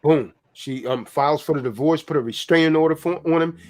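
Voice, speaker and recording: A man's voice: fairly high pitch, fairly quick, a little mellow. A man hosting a casual chat, telling stories in an emphatic, blunt way with plenty of swearing. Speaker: host.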